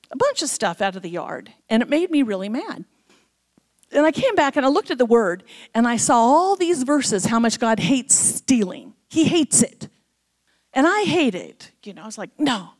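A woman's voice: fairly high pitch, moderate pace. A middle-aged woman preaching as guest speaker in a church, telling stories and acting out the voices of the people in them. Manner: animated, acts out quoted voices. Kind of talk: sermon storytelling.

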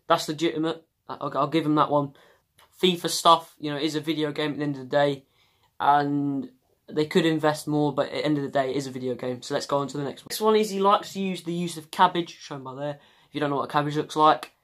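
A man talks casually to his viewers, rambling with plenty of ums and restarts. His voice sits a bit higher than most men's. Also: fairly bright tone. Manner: rambling, with many fillers. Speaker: YouTuber host. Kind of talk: casual vlog.

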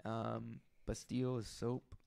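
A man's voice: medium pitch, little pitch movement, slow pace, creaky, a little mellow. Rambling storytelling man on a podcast. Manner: rambling storyteller who acts out quoted people. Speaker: podcast co-host, detention officer. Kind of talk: casual podcast chat.

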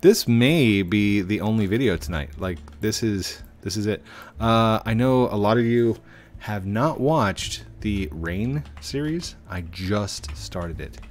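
A man's voice: lowish voice, slow. A middle-aged man hosting a gaming channel, chatting playfully and rambling to himself while he plays. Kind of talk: casual gameplay commentary. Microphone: desk microphone.

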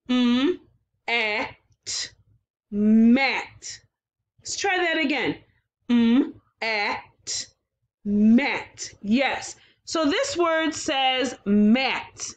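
Her high, fairly bright voice guides a phonics lesson for young kids. She sounds out each word slowly and offers praise again and again.

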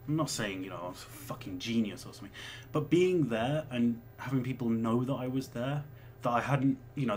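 A man's voice: mid-range voice, darkish tone. Casual twenty-something male vlogger, mid-range voice, rambling and profane, faint background hiss. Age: 20s. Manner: rambling and chatty, with swearing and laughs. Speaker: vlogger answering viewer questions. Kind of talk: casual chat.

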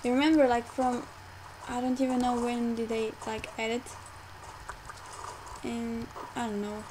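A young woman rambling through casual gameplay commentary, full of fillers and quick to get frustrated, recorded at home on a desktop mic. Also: fairly high pitch, level tone, background noise. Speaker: game let's player. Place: home room, car audible outside.

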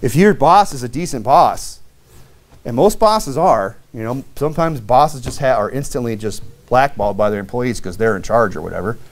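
A man's voice: medium pitch, moderate pace. A middle-aged man, a deacon, preaching a sermon in a loose, conversational way, telling stories from his old jobs and often asking "right?". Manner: conversational, anecdotal preaching with frequent "you know" and "right?". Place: church sanctuary.

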